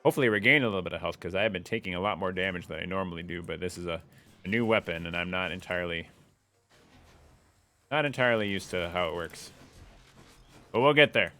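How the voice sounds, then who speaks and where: A man's voice: sits low, quick pace, long pauses, bright, forceful tone, soft background music. A young man giving playful live commentary as he plays a game, humming along and taunting enemies. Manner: playful, taunts enemies and hums while playing. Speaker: streamer.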